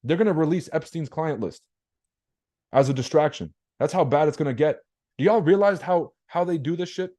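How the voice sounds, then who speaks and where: This young webinar host offers casual livestream commentary on the markets at a moderate pace, his voice on the high side yet dark in tone. His talk is blunt and casual, laced with slang, profanity and rhetorical questions aimed at viewers.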